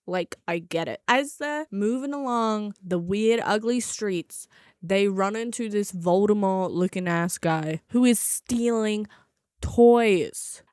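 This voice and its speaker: A woman's voice: medium pitch, clear, resonant tone, dry recording, clean studio sound. A young woman with a slight lisp recapping a movie casually, sarcastic and exasperated with mocking asides. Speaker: movie reviewer.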